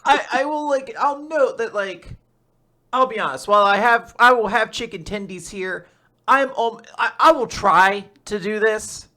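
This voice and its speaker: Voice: medium pitch, measured pace, sharp tone. A podcast co-host chatting casually, rambling with many fillers and frequent laughs. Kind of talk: casual chat.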